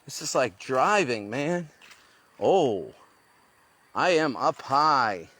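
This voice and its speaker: A man's voice: mid-range voice, sing-song, very slow, a bit bright. A man vlogging as he hikes through the jungle outdoors, thinking aloud as he goes. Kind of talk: talking to camera while hiking. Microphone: handheld phone.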